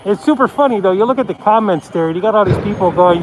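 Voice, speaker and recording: This is expressive, quick-paced live-stream chatter from a Pacific Northwest man holding his phone camera at an outdoor street protest. He rambles, often drops his voice low, and loud crowd noise fills the background.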